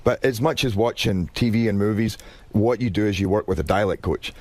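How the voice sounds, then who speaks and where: A Scottish man, an actor guest in a radio interview, telling stories in rapid bursts with frequent restarts. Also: fairly low pitch, no room sound. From Scotland. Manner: rapid, animated storytelling with many restarts.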